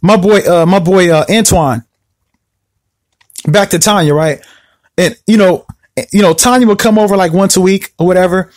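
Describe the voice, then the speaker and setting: A man's voice: normal speed, long pauses. A man telling a personal story in a rambling, repetitive way, acting out his own past words. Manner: rambling, repeats himself, acts out his own past words with rising pitch. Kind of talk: casual storytelling.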